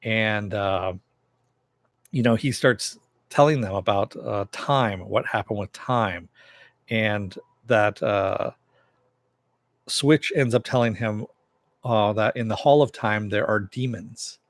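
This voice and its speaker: A man with a lowish voice talks through a TV episode recap in a loose, rambling way, often pausing on "uh" and "you know". The sound is close and dry, with no room around him. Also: dry recording. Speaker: TV episode reviewer.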